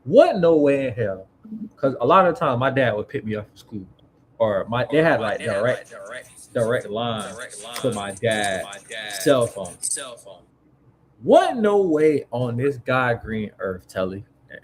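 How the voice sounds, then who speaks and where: A man co-hosting a casual podcast, telling family stories in an animated, profane way and acting out his relatives. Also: mid-range voice, a little slow, crowd noise. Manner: animated, profane storyteller who acts out family members. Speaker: podcast co-host. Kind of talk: casual chat.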